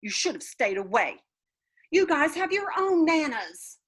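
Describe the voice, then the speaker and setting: A woman's voice: high-pitched, sing-song, a little slow, a bit bright, pitched above the performer's own voice, full character voice. A woman voicing a cranky, huffy little girl who complains in a whiny way, in a children's book read-aloud.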